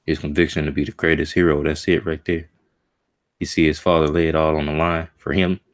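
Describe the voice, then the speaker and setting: A man with an extremely deep, low voice gives an emotional, slang-heavy live reaction as he reads through a comic chapter. He mutters his thoughts to himself in a loose, casual way. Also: little pitch movement, a little fast. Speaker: streamer reacting to a manga chapter.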